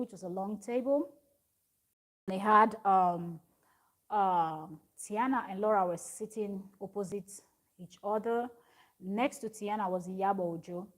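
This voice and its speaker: A woman's voice: medium pitch, darkish tone. Chatty woman recapping a show. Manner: rambling, many fillers and restarts, reads viewer comments. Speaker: recap vlogger.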